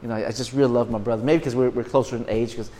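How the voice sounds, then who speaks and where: A middle-aged man preaching a sermon to a congregation, earnest, often repeating and restarting words, rising now and then to loud, emphatic bursts. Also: mid-range voice, fairly even intonation, very fast, big-room sound. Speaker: pastor.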